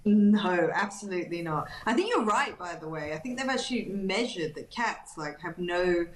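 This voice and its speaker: An outspoken woman speaks as a radio discussion guest, her pitch swinging widely as she presses her points. The room adds a clear echo around her voice. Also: animated, moderate pace. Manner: emphatic, outspoken. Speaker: panel guest.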